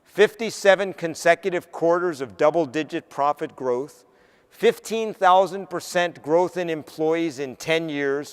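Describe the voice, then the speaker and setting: A man's voice: a little high, clear, resonant tone. A man from the northern United States giving a motivational keynote, telling a story with punchy delivery and acting out the dialogue. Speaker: keynote speaker. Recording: long hall reverb.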